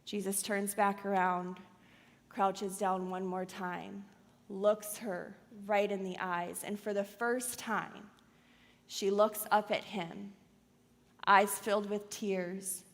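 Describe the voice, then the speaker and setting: A woman pastor preaching a sermon in a church auditorium, telling a story dramatically with loud and hushed swings. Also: mid-range voice, little pitch movement, slow, long reverb tail.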